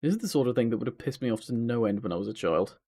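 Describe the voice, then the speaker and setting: A man's voice: mid-range voice, lively intonation, very fast, a little mellow. A man streaming gameplay and commenting with wry, sarcastic asides.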